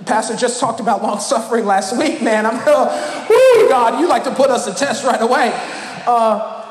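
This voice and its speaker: A male pastor preaching with playful, animated storytelling and sudden shouted bursts. His voice sits high for a man, bouncing around a roomy church hall with a long echo and a clear layer of background noise. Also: normal speed. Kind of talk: humorous sermon storytelling. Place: church sanctuary.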